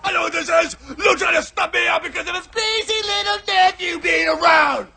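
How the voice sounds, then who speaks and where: A screaming, unhinged crook. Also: male voice, very high voice, brisk, gravelly, full character voice. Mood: raging. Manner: yelling insults, cracking, frantic. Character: unhinged paranoid man, screaming in rage. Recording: movie clip audio played into a podcast.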